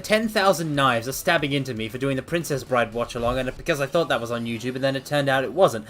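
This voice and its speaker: A man streaming casual chat, theatrical and animated, calling his viewers mortals, a little out of breath. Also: medium pitch, brisk. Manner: animated, swings between loud outbursts and mock apologies. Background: faint background music.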